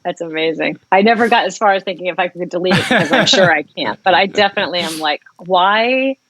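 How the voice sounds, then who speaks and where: A woman's voice: fairly low pitch, fast talker, fairly bright tone, no echo, low-quality recording. A woman singer-songwriter talking frankly and reflectively as a guest in a casual interview, rambling and swearing at times.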